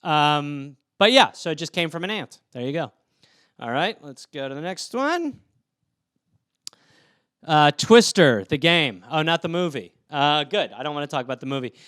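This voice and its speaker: High-voiced man riffing comedically. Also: animated, normal speed, a bit bright, clean tone, no echo, clean studio sound. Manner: riffing, jumps into goofy character voices mid-sentence. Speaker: podcast host answering listener topics. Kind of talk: solo comedic rant.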